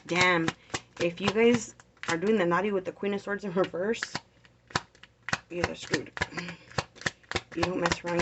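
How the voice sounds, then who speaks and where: A woman giving a casual tarot reading, blunt and worked up, swearing freely as she turns the cards. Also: fairly low pitch. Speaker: tarot reader. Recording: dull lo-fi sound with faint noise.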